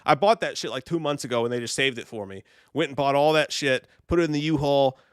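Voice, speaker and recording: Man, live movie news host, swears a lot, rambling and excitable, dry close mic. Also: medium pitch, fast, clean tone, no echo. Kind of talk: casual live stream chat.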